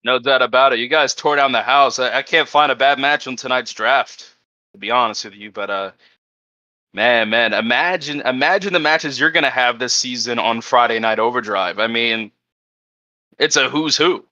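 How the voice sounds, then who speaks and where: Bright upbeat wrestling-show interviewer. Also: male voice, mid-range voice, moderate pace, no room sound, lo-fi sound.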